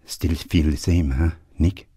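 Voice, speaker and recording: A man voicing a gentle elderly Irish man who speaks in the soft, priestly tones of a light brogue. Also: rumbling low, steady tone, a little slow, husky, exaggerated voice.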